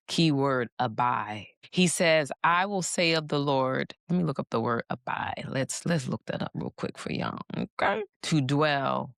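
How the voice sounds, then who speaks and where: Low-voiced woman preaching. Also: normal speed, gravelly, hardly any pauses, fairly bright tone, dry recording, studio quality. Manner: preachy, with casual slangy asides. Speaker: faith speaker. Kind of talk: motivational sermon.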